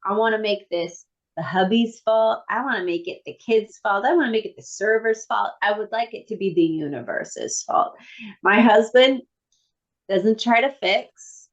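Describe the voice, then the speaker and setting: A woman co-hosting a podcast, telling a story in lively, playful self-mockery. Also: mid-range voice, moderate pace, dull audio. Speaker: podcast co-host. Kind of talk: casual chat.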